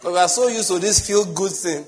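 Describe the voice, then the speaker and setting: A man with a Nigerian accent preaching a sermon as pastor, joking and digressing, then slowing down to spell out his points one by one. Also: high voice, noisy background. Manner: joking, digressive, laughs often between points; slow, spelled-out teaching with lists.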